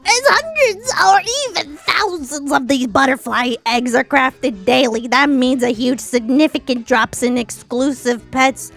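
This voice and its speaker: A woman's voice: high-pitched, measured pace, hardly any pauses, fairly bright tone, faint music behind. A woman putting on a nerdy voice to read out a long viewer comment in a lecturing, explanatory way. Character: know-it-all nerdy young commenter, male or female unstated. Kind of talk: reading a viewer comment in a put-on voice.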